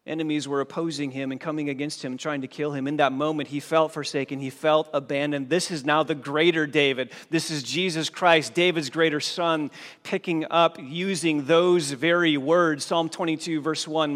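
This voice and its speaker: A male pastor preaching a sermon, dropping to a hush and then rising to loud, forceful emphasis. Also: on the high side, steady tone, moderate pace. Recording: long hall reverb.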